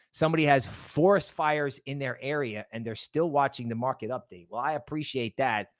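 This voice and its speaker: A man's voice: mid-range voice, moderate pace, no echo, clean studio sound. A man hosting a casual livestream, rambling and greeting chat members by name. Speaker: livestream host.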